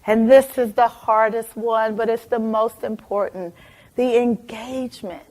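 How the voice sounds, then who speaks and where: A motivational speaker in her forties shares a personal story during a lively keynote, calling on audience members by name. Her pitch is fairly high and her pace unhurried.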